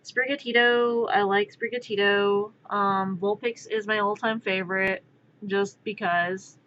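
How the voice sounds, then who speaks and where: A young woman streamer chatting casually, rambling into animated storytelling. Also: medium pitch, measured pace, lo-fi sound, slight background noise. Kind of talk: casual chat while drawing. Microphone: streaming mic.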